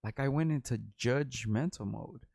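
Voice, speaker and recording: A man's voice: mid-range voice, moderate pace, creaky, a little mellow, no echo, clean studio sound. A man in his forties from Los Angeles, a rapper talking in a rambling, profane and candid vlog monologue.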